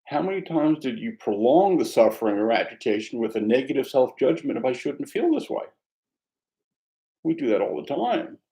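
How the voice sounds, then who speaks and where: A man teaching meditation, speaking in a reflective, conversational way with a gently self-mocking humor. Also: medium pitch, expressive, a little fast, hardly any pauses, poor audio. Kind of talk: mindfulness dharma talk.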